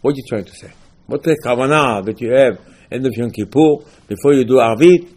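A man giving an animated Torah class, asking and answering his own rhetorical questions. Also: medium pitch, fairly quick. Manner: animated, rhetorical questions, lively emphatic teaching.

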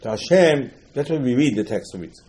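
A man gives a storytelling Torah class in a warm, mellow voice. He keeps repeating key phrases for emphasis and slips Hebrew terms into his English. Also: medium pitch, animated, fairly quick. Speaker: rabbi teaching Talmud.

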